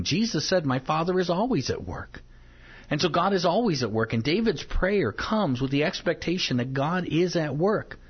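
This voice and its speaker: A man co-hosting a Christian talk show, teaching on a Bible passage in an earnest, searching way, with fillers and slow readings of scripture. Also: on the high side, expressive, husky. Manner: earnest, hesitant with fillers, reads scripture aloud slowly. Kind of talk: devotional Bible teaching in conversation. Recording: dull lo-fi sound.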